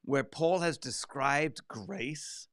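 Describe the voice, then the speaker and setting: A man with a gravelly, creaky voice teaches a Bible study in a relaxed, chatty way. He gets animated and slips in side remarks. The sound is dry and close, with no room echo. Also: medium pitch, extremely slow. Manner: animated, acts out quoted lines with asides.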